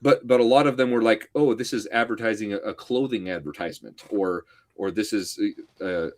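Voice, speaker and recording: Easygoing low-voiced male guest. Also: a little mellow. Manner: easygoing, quick agreeing backchannels. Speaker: podcast guest. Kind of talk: casual chat.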